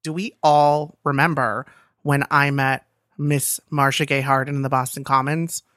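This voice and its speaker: A woman's voice: very deep voice, level tone, unhurried, fairly bright tone, dry recording, clean studio sound. A woman co-hosting a radio show, chatting in a giggly, gossipy, enthusiastic way. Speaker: co-host. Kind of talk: casual chat.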